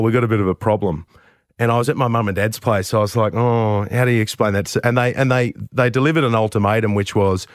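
A man's voice: on the low side, dry recording, clean studio sound. A man, middle-aged, telling candid, self-deprecating stories in conversation as an interview guest. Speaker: radio host, interview guest. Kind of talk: conversational storytelling.

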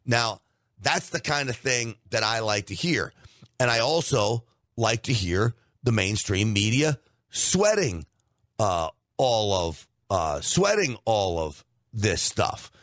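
A man's voice: fairly low pitch, big pitch swings, slow, fairly bright tone, dry recording, studio quality. A man hosting an opinionated political commentary show, talking emphatically and repeating words for stress.

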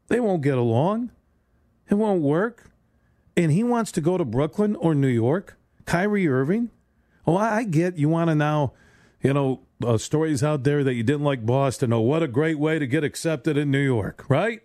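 Male sports radio host, slightly high-pitched, dry close studio mic, sarcastic rambling solo talk. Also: expressive, moderate pace, a little mellow, no room sound. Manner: rambling, sarcastic, stumbling restarts. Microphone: studio microphone.

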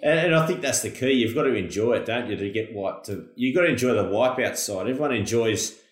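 Relaxed Australian host in a roomy room. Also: male voice, medium pitch, a little fast. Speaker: podcast host. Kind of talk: casual podcast chat. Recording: roomy echo.

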